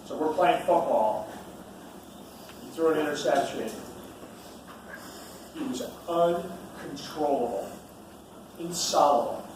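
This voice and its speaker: A man tells a story to a room of students, slipping into the voices of the people in it. He speaks at a middle pitch, heard from far off in a hall full of echo with a clear background hiss. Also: animated, takes it slowly, long pauses. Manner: acts out dialogue while telling stories. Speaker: retired Navy SEAL and youth football coach. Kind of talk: storytelling talk.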